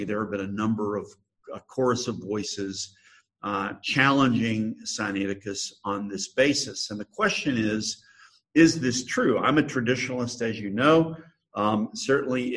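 A man, a pastor, giving a measured podcast monologue with frequent hesitations. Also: mid-range voice, fairly bright tone, husky, low-quality recording.

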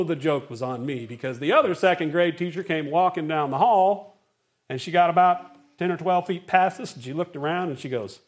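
A middle-aged man preaching a sermon, telling stories with lively acted-out quotes. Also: high voice, a little fast. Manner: animated storytelling with acted-out quotes. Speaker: pastor.

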